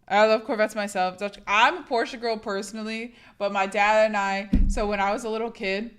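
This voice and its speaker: A young woman streamer with a hoarse, husky sick voice, rambling casually to her chat and swearing a lot. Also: medium pitch, steady tone, normal speed, a bit bright.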